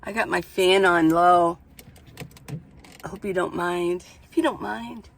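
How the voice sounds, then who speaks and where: Woman, casual van-life vlogger, gravelly, talks in loose rambling stories. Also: fairly low pitch, unhurried. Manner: rambling, chatty, storytelling. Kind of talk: casual chat to camera. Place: inside a minivan.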